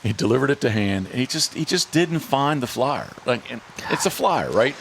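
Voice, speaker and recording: A man's voice: mid-range voice, normal speed, creaky, slight background noise. A man hosting a casual podcast, telling a story with lots of repeats and restarts and acting out what others said. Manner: animated storyteller, repeats words, frequent restarts; acts out other people's lines in hushed or shifted tones. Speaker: podcast host and dog handler.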